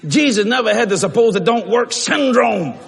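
High-voiced preacher shouting in a hall. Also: male voice, moderate pace, creaky, slightly rough. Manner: animated, swings from low storytelling to shouted exclamations. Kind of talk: storytelling sermon. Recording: long reverb of a large hall.

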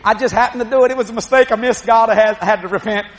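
A middle-aged man preaching a sermon, telling lively stories with laughing asides. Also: high-pitched, rapid-fire. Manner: storytelling, animated, laughing asides.

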